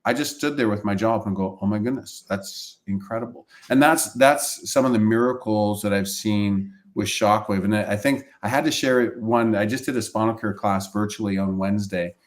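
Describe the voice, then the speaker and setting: Low-voiced man telling emotional stories. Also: a little fast, few pauses. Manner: emotional, repeats himself, acts out quoted voices. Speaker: chiropractor and practice coach. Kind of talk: casual storytelling on a live webcast.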